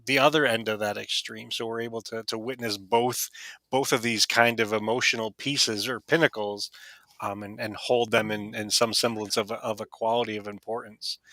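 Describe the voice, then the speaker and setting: Thoughtful guy on a podcast, bright voice, super dry recording. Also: medium pitch, dry recording. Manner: reflective, searching for words. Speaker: podcast co-host. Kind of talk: casual chat.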